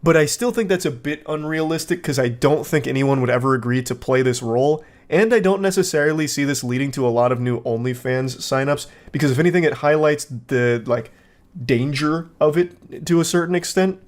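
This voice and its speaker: A man giving casual online video commentary with sarcastic, deadpan asides. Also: fairly high pitch, a little fast.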